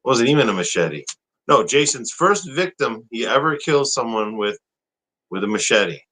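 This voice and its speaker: Bright-voiced man chatting casually. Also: mid-range voice, lively intonation, normal speed, low-quality recording. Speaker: co-host. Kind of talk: casual chat.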